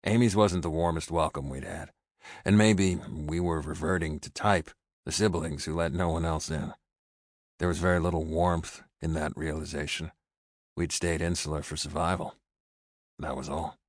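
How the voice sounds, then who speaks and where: A man reading a first-person story aloud in a measured, introspective way. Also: extremely low pitch, steady tone, dry recording, clean studio sound. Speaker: audiobook narrator. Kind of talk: first-person scripted narration.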